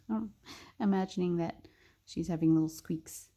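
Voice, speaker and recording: A young woman narrating a casual drawing tutorial, chatty and thinking aloud with soft muttered asides. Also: fairly low pitch, a little slow.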